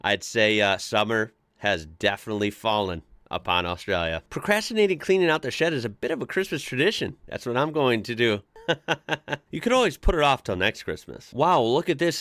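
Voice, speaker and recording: A man's voice: mid-range voice, a bit bright, no room sound. Chatty American man reacting to posts. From United States. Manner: chatty, amused, reads posts aloud with asides. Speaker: host reacting to online posts. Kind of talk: casual commentary.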